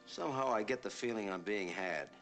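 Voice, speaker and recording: A man's voice: on the low side, a little fast, a bit bright, faint music behind, low-quality recording. An actor playing a cocky, wisecracking tough-guy man in a 1960s Hollywood film, talking in a sarcastic, needling way. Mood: dry.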